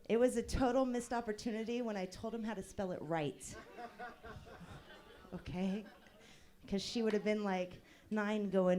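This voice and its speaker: Wry and deadpan, a woman in her thirties performs a stand-up comedy set at an open mic, where bursts of laughter break in. Her voice is medium-pitched and her pace normal.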